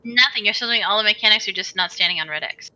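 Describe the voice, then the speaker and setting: A woman leading a game raid over voice chat, calmly walking her group through tactics step by step. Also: mid-range voice, highs cut off. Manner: brisk, explains tactics step by step. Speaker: raid leader. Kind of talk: casual voice chat while gaming.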